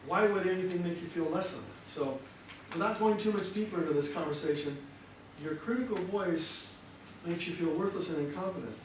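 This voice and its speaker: A man speaking as a motivational seminar speaker in a lively way and asking the audience questions. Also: high voice, a little fast. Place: large hall with audience. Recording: echoey hall, distant mic, noisy.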